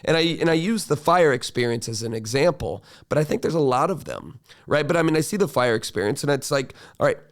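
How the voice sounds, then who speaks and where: A man's voice: brisk, few pauses. A male teacher telling a classroom story in a reflective, conversational monologue, acting out quoted dialogue and asking "right?" often. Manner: animated, acts out quoted dialogue with rising pitch. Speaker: teacher and podcast host.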